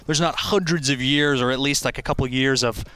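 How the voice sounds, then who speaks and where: A man's voice: medium pitch, brisk, sharp tone, clear, resonant tone. A man interviewing a voice actor, asking long, curious, conversational questions.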